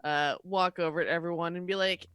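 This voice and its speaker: A woman's voice: lowish voice, steady tone, a little fast, a bit bright, clean tone. A woman playing in a tabletop game, talking in an easygoing, chatty way. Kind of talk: casual game play.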